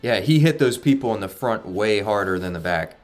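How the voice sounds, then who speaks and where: A gaming channel host with a low voice gives casual let's-play commentary, relaxed and laid-back in a style he calls monotone himself. He talks briskly over faint game music.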